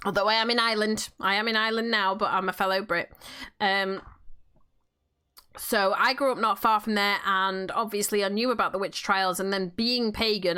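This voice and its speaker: A woman's voice: medium pitch, steady tone, normal speed, pushed and bright, smooth. A woman from near Manchester with a Northern English accent, chatting casually while playing a game, swearing freely and often restarting her sentences. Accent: Northern English, Manchester area. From England, near Manchester. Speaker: game streamer and role-player.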